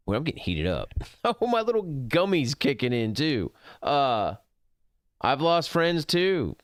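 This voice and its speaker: A man's voice: medium pitch, sing-song, a little slow, no echo, studio quality. Profane, rambling male gaming streamer. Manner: profane, rambling, gets heated. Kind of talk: casual rant over gameplay.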